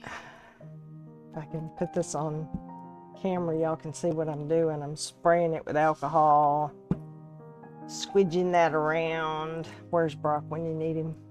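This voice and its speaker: A woman's voice: sits low, little pitch movement, slow, long pauses, darkish tone, soft background music. A woman from Texas and Alabama with a Southern US accent, hosting a casual live crafting stream, chatty and often laughing as she greets viewers by name. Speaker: live-stream host and resin artist.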